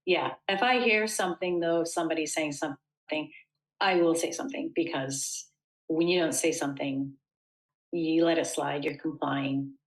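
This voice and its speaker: A woman's voice: low voice, fairly even intonation, normal speed, rough recording. A woman from the United States speaking as an interview guest, talking earnestly and thoughtfully with frequent fillers. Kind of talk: casual interview conversation.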